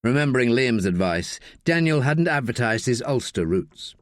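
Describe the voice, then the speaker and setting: A man narrating an audiobook with an expressive, varied delivery on a close studio mic. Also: medium pitch, normal speed, hardly any pauses, no room sound.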